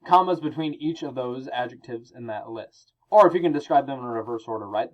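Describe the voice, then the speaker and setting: A male teacher explaining grammar rules in a recorded lesson, reading example sentences aloud and pausing between items. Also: mid-range voice, narrow, tinny audio.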